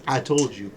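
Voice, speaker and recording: A man co-hosting a podcast, chatting casually and telling lively stories, acting out the people he quotes and laughing often. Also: extremely high pitch, background noise. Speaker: podcast co-host. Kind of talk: casual chat.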